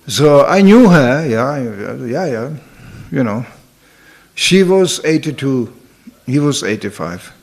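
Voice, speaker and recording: A man's voice: mid-range voice, big pitch swings, slow. An older man giving a spiritual talk, telling humorous anecdotes in a chatty way and often saying "you know". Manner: humorous, laughs at his own stories. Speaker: spiritual teacher. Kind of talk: sermon storytelling.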